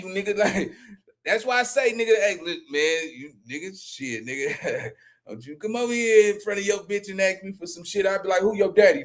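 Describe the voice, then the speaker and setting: Man, high voice, live stream reaction, rambling, profane, repeats himself. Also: fairly bright tone.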